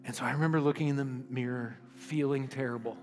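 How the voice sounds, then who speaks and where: A man's voice: mid-range voice, steady tone, quick pace. Earnest male pastor in a reverberant hall. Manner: earnest, builds to emphatic peaks, drops to hushed prayer. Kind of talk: sermon. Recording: long hall reverb with faint music.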